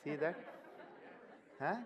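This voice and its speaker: A man with an Indian English accent leading a yoga workshop, animated and playful, often checking in with the group. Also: slow. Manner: animated, playful, asks the room "huh?" often. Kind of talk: lively workshop talk to a group. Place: workshop hall.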